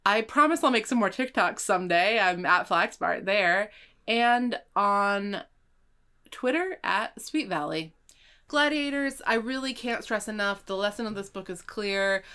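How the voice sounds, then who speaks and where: A woman hosting a podcast in casual chat, playful and quick to laugh. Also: mid-range voice, animated, pushed and bright, smooth. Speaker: podcast host.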